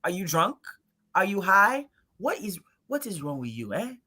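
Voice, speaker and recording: A woman's voice: medium pitch, big pitch swings, normal speed, very noisy, natural voice. A woman putting on the voice of a stern, exasperated older auntie who scolds with clipped questions and "eh?" tags. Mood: scolding.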